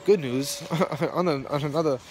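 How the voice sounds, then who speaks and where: A man's voice: fairly high pitch, moderate pace. Young man ranting outdoors, shivering. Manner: profane, rambling, heated. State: shivering from cold. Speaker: vlogger. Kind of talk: casual rambling rant to camera. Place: outdoors in the cold near traffic. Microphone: phone camera. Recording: noisy outdoor phone recording with traffic.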